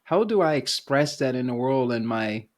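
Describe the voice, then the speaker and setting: A male podcast host who talks in a thoughtful, halting way, often pausing to search for the right words. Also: medium pitch, lively intonation. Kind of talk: casual conversation.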